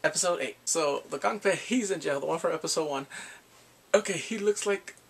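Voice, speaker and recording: A young man giving a casual, excitable recap of a drama, often laughing and acting out what the characters say. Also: a little high, brisk, vocal fry, slightly rough. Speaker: drama reviewer.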